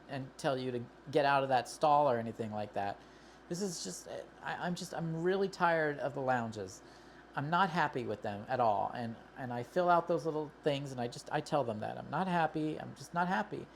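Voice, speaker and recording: A woman's voice: sits low, a little hiss or hum. A woman reviewing a credit card in a casual vlog, complaining in an exasperated, rambling way with many restarts.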